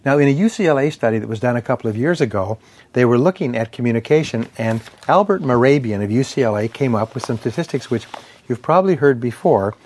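A man's voice: medium pitch, lively intonation, darkish tone. Man giving an emphatic motivational lecture. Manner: measured, emphatic, lists points in cadence. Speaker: speaker on persuasion and sales.

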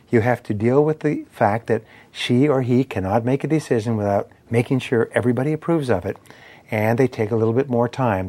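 A man's voice: mid-range voice, warm tone. Man giving an emphatic motivational lecture. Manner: measured, emphatic, lists points in cadence. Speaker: speaker on persuasion and sales.

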